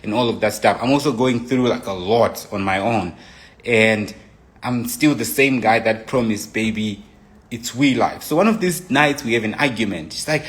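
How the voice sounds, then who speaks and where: A man's voice: on the low side, moderate pace, a bit bright. A young man casually recounting a relationship story, rambling with restarts and frequent "you know" asides. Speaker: boyfriend telling his side of a relationship story.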